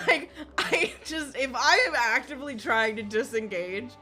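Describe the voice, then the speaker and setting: A woman's voice: on the high side, animated, measured pace, bright, forceful tone, soft background music. A woman streamer chatting casually while gaming, swearing constantly and laughing often as she rants. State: recovering from illness.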